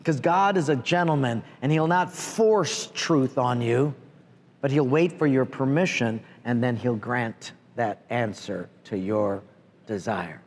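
A man preaching a sermon as pastor, animated, acting out prayers and speaking asides to the congregation. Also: mid-range voice, measured pace. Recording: long hall reverb.

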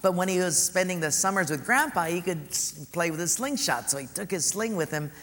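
A man, a pastor, giving a sermon, soft and earnest, telling stories. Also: high-pitched, animated, fairly quick, long reverb tail.

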